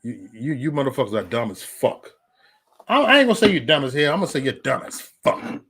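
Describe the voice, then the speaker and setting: His voice is mid-range and sing-song, fairly quick, a bit bright, with a breathy edge. As a livestream host, he unleashes a furious, profane rant at critics, stammering, restarting, repeating himself, and reading out the live chat.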